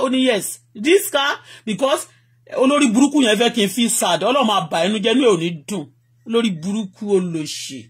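High-pitched, husky Nigerian man ranting. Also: fairly bright tone. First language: Yoruba. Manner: angry, repetitive, switching between English and Yoruba. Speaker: vlogger. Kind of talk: heated live rant.

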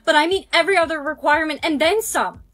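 A synthetic woman's voice reading dialogue lines in a storytime script with smooth machine delivery. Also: high voice, fast, fairly bright tone, no room sound, faint music behind. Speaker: text-to-speech storyteller.

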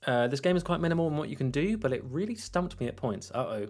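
On a live game stream, a man with a medium-pitched, slightly mellow voice chats casually while playing. Very animated and fast-talking, he rambles through viewer questions and laughs easily.

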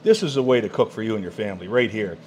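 A man hosting a cooking vlog, demonstrating a kitchen appliance at home with excited exclamations and frequent laughs. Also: lowish voice, very fast, a little hiss or hum. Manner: enthusiastic, exclamatory, laughing often. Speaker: cooking channel host. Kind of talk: product demo cooking vlog.

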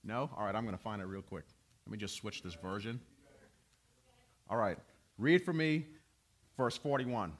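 A male pastor preaching a sermon to his congregation, swinging between loud, emphatic preaching and quiet, low asides. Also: normal speed, long pauses. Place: church.

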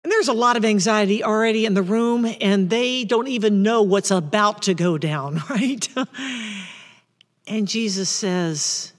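A woman pastor preaching a sermon in a reflective, deliberate way, with bursts of rising intensity. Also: medium pitch, big-room sound.

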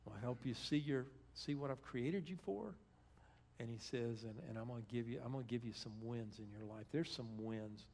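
A man's voice: medium pitch, fairly quick, creaky, a little mellow. A man giving a conversational sermon as a guest speaker in a church, retelling scripture in plain everyday speech.

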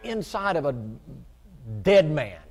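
A middle-aged man preaching a folksy sermon, shifting from quiet storytelling to loud, fervent preaching. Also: a little high, very animated, takes it slowly.

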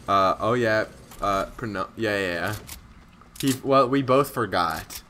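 A young man from Scotland, giving excitable, slangy live commentary on his own gameplay and chatting with viewers, breaking into sudden outbursts. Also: on the low side, slight background noise. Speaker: game streamer.

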